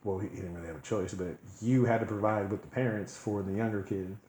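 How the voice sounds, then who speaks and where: A man with a lowish voice trades loose, slangy stories on a casual podcast. He jokes his way through each point. The room is echoey and carries a faint background hiss. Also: fairly even intonation, quick pace, darkish tone. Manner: loose, joking storytelling with slang. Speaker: podcast co-host. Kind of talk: casual chat.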